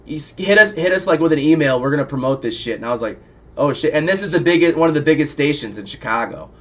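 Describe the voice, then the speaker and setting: A man from Iowa hosting a casual interview show, rambling excitedly and swearing a lot. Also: fairly high pitch, fast. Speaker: show host. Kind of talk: casual profane chat.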